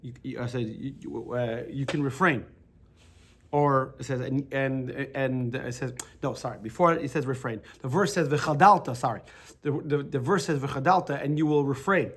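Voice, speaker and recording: A man with a mid-range, husky voice teaches a Torah class in a chatty, halting manner. He tells jokes and keeps restarting his sentences.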